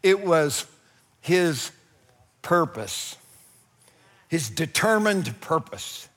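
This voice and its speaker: High-voiced man preaching a lively sermon. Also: very slow, in a large hall. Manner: animated preaching, laughing, crying out. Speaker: pastor.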